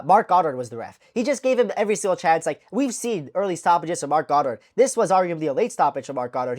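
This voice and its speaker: A woman with a fairly low voice hosts a casual fight recap vlog. She talks loosely and profanely, rambling through each fight and correcting herself mid-thought. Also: darkish tone. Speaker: MMA channel host.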